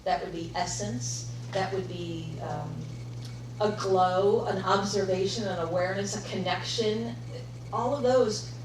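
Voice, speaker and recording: A woman's voice: medium pitch, unhurried, noisy background. Woman telling a story in an echoey room. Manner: reflective, animated in parts, laughs while telling. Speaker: workshop speaker. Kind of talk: personal story in a talk to an audience. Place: large room with a live audience. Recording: echoey room, picked up from a distance.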